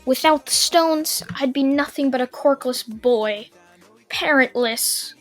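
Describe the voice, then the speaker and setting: A woman's voice: sits high, slow, faint music behind. A woman doing a cocky teenage boy. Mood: matter-of-fact. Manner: offhand, laughing confidence.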